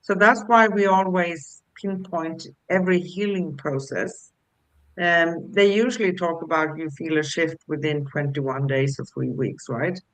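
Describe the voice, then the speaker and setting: A woman's voice: deep voice, poor audio. A woman co-hosting a casual spiritual chat, speaking in an affirming way and often checking in with "right?". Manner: slow, affirming, asks "right?". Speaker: co-host.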